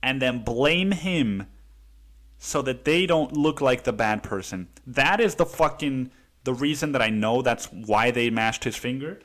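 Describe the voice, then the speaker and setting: The man hosting this podcast has a medium-pitched, fairly bright voice and takes his time. He tells a story in a casual but heated monologue, cursing freely and saying "dude" often.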